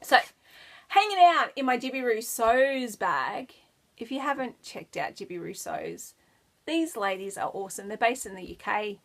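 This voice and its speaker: A woman's voice: fairly high pitch, animated, normal speed. An Australian woman chatting casually to camera as a knitting podcaster, rambling and giggling as she goes. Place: child's bedroom at home.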